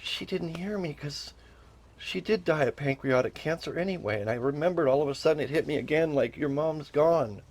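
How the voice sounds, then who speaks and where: A man's voice: fairly high pitch, a little fast, few pauses, a little mellow. A middle-aged man telling a personal story with emotion, earnestly repeating phrases and rising into pleading.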